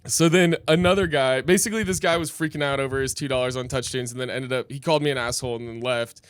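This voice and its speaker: A man's voice: medium pitch, steady tone, quick pace, clear, resonant tone, no echo. A man co-hosting a podcast from inside a bar, chatting casually, laughing often and acting out what customers said. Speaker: podcast co-host. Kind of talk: casual chat, telling bar stories.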